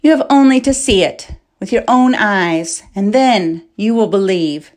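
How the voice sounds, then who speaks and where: A woman's voice: mid-range voice, a little slow, a little mellow, lightly acted. A woman voicing a bold young princess in an audiobook, calling out commands in a raised, declaiming voice. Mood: commanding.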